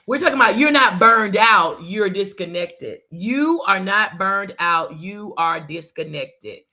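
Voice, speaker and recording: A woman's voice: mid-range voice, pushed and bright. A woman hosting a casual live talk, speaking emphatically and repeating her points, calling her listeners y'all. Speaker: host.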